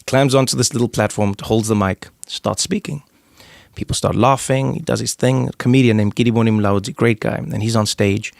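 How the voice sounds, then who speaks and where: A man's voice: medium pitch, brisk, vocal fry, no room sound, studio quality. A man with a South African accent, a podcast guest and comedian, telling anecdotes in a casual interview and acting out the voices of the people in them. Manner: animated storyteller who acts out the voices in his anecdotes.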